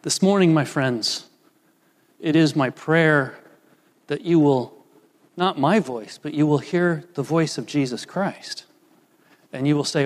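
An older man preaching a sermon as pastor, slow and deliberate with emphatic pauses. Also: on the high side. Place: church sanctuary. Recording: long reverb of a church hall.

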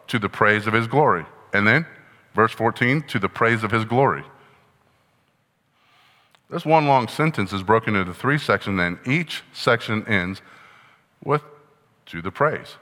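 Bright-voiced male pastor in a reverberant hall. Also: lowish voice. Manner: conversational teaching, asks the congregation questions. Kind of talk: sermon.

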